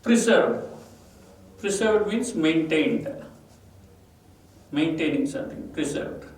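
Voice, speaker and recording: Slow Indian English teacher, echoey room. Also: male voice, a little high, distant mic. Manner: slow, repeats each word and its meaning with stress. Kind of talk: classroom vocabulary lesson. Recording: echoey room, voice off-mic, faint ambient noise.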